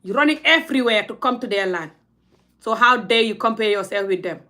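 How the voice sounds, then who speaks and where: A woman's voice: fairly high pitch, expressive, fairly quick, bright, forceful tone. A young woman, scolding her audience in a blunt, heated rant straight to camera. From Gambia. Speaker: vlogger.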